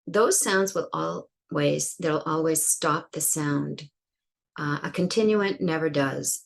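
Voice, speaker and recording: A woman's voice: low voice, vocal fry. A woman giving an English pronunciation lesson, demonstrating sounds and example words and thinking aloud with fillers. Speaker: pronunciation teacher.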